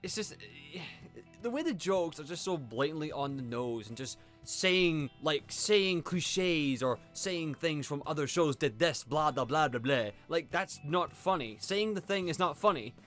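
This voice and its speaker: Animated sarcastic man ranting. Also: on the high side, measured pace. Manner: animated, sarcastic, exasperated, mocking quoted voices. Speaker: video reviewer. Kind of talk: casual commentary review. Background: faint background music.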